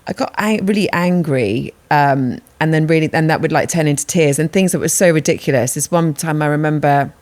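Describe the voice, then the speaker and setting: A woman's voice: deep voice, brisk, hardly any pauses. A British woman in her thirties, a podcast co-host chatting casually and acting out quoted lines as she tells stories. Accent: British English. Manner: animated storyteller who acts out quoted dialogue and laughs often. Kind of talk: casual chat.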